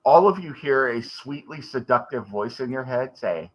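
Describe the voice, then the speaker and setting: A man's voice: medium pitch, lively intonation, normal speed, hardly any pauses, highs cut off. A man running a tabletop game as game master, describing scenes and explaining options.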